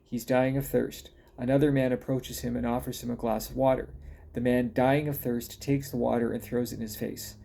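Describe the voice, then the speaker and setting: A man's voice: mid-range voice, little pitch movement, normal speed, vocal fry, dark tone. A man reading his own detective story aloud, with a wry, folksy manner.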